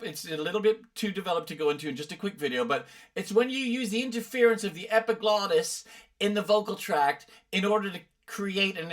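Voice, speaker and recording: A middle-aged British man speaks in a fairly high, fairly bright voice. He's a vocal coach reacting to other coaches' videos, explaining things emphatically and with evident exasperation.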